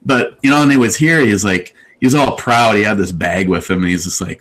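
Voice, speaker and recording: A man's voice: sits low, steady tone, brisk, a bit bright, low-quality recording. A man casually telling a rambling story on a live video chat, with lots of restarts and quotes he acts out. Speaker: live show host.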